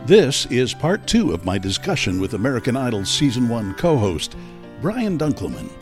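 A man opens the episode as host, reading a scripted introduction. His delivery is smooth and announcer-like, with a lively, rising and falling pitch. Clear music plays behind him. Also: normal speed. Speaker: podcast host. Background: music bed.

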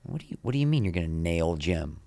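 A middle-aged man spins animated stories as a podcast guest, tossing in quick asides. His voice sits low, and the recording is dry and close, with no room sound. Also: vocal fry, no echo. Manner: animated anecdotes, quick asides, acts out quoted people. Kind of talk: casual interview storytelling.

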